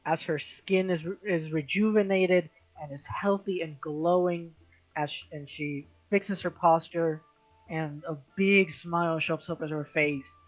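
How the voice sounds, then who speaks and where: A game master narrating a tabletop game in a casual, halting way, with many fillers. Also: mid-range voice, fairly even intonation, soft background music, rough recording.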